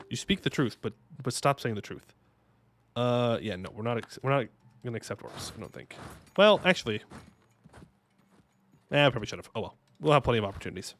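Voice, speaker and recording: A man streaming a strategy game, commenting casually and excitably, talking to himself and his chat with jokey asides. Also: medium pitch, fairly quick, pauses often. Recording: faint music behind the voice.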